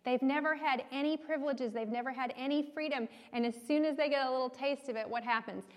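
A woman's voice: high voice, fast talker. Woman teaching scripture in a hall. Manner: conversational, asks the audience questions. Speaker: Bible teacher. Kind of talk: expository Bible teaching. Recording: reverberant hall.

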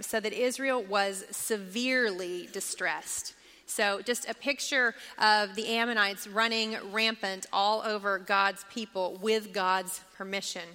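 Bright-voiced woman teaching Bible study. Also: mid-range voice, in a large hall. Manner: engaging, asks the class questions.

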